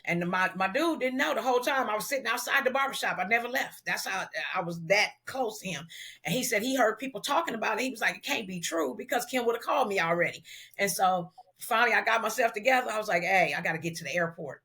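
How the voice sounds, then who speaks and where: A middle-aged woman from Los Angeles tells a long personal story as an interview guest. Her voice comes across bright and forceful, and she acts out the voices of the people in it. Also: mid-range voice, fast talker. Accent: Southern California African American Vernacular. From Los Angeles, USA. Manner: animated storyteller who acts out quoted dialogue. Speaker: guest, celebrity hairstylist.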